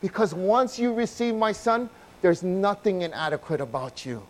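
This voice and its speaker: A man preaching a sermon, moving from quiet, low passages to loud, emphatic ones and asking his listeners questions. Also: normal speed. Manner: swings from soft and low to loud and emphatic, asks the congregation questions. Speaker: pastor.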